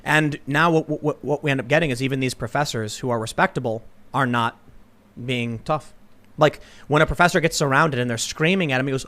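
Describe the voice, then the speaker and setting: Animated man telling stories. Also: mid-range voice, fairly quick. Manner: animated storytelling with repeated restarts. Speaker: host. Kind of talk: casual panel discussion.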